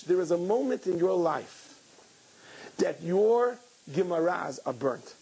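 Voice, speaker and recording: Middle-aged man, husky voice, higher pitch, lively sermon storytelling. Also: slow pace, poor audio. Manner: lively storyteller who acts out the people in his stories.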